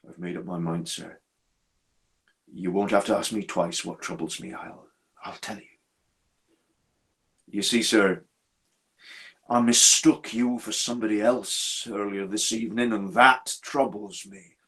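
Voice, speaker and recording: A man voicing a haunted, deferential railway signalman who talks haltingly and keeps calling his listener sir, in a live dramatic storytelling. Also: on the low side, creaky, fairly bright tone. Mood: earnest, uneasy.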